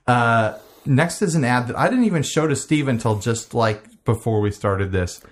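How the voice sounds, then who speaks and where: A man's voice: medium pitch, lively intonation, moderate pace. A man co-hosting a casual podcast, chatting in a rambling, enthusiastic way and laughing easily. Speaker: podcast co-host. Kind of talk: casual chat.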